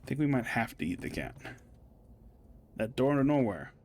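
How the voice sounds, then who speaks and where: A man's voice: medium pitch, big pitch swings, moderate pace, darkish tone, slight background noise. A man casually playing a video game on stream, reading the game text aloud with playful asides. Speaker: let's play host. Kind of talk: casual gameplay commentary.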